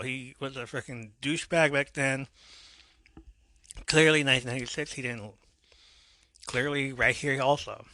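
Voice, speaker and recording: Excitable podcast host guy. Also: medium pitch, no room sound. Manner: excitable, laughs and jokes, swings between reading and riffing. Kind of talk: casual podcast review.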